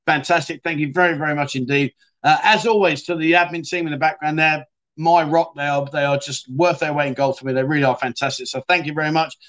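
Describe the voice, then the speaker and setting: A man's voice: fairly high pitch, steady tone, quick pace, fairly bright tone. A middle-aged man casually hosting a livestream, reading out viewer comments and joking along. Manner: chatty, jokey, reads out viewer comments. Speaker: livestream host.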